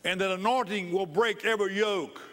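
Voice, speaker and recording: A man's voice: high-pitched, steady tone, normal speed, a bit bright. Man preaching a joyful sermon. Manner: repeats phrases for emphasis, bursts into laughter. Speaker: pastor.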